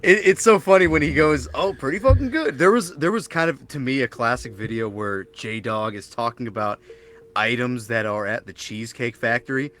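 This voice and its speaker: A man's voice: mid-range voice, moderate pace, fairly bright tone. A man co-hosting a podcast in casual chat, telling laid-back stories with laughs and mocking quotes. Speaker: podcast co-host.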